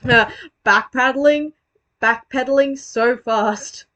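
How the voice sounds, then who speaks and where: A woman's voice: sits high, slow pace, bright, forceful tone. A woman giving casual, self-deprecating commentary on her own old video, rambling, swearing and restarting her sentences.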